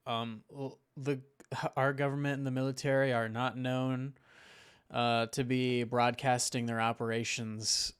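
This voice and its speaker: Male podcast co-host, smooth resonant voice, laid-back conspiracy musing, filler-heavy. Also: mid-range voice, level tone, a little slow. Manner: conspiratorial, hedging with fillers, laughs at his own points. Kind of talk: casual political podcast chat.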